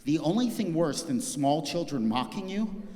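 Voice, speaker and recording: Animated male stand-up comedian, reverberant venue. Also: a little high, normal speed. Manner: animated self-deprecating storytelling. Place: stage before a live audience. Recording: long reverb of a live venue.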